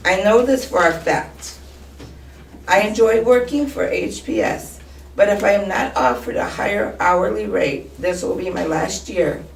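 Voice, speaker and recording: A woman's voice: medium pitch, vocal fry, reverberant, far from the mic, a little hiss or hum, poor audio. A woman paraprofessional giving a firm, earnest prepared statement at a school board meeting. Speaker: paraprofessional speaking in public comment. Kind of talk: prepared public comment.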